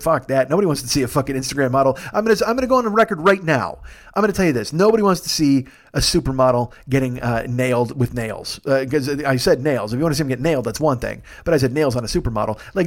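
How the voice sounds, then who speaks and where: A man in his forties, a comedian hosting a solo podcast, telling rambling, profane, self-deprecating stories in a pleasant, resonant voice. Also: mid-range voice.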